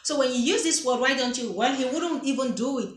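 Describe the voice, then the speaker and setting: Her voice is high, expressive and brisk as she offers relationship advice to camera. The tone is casual and emphatic: she repeats phrases often and performs the dialogue she quotes, and the room is echoey.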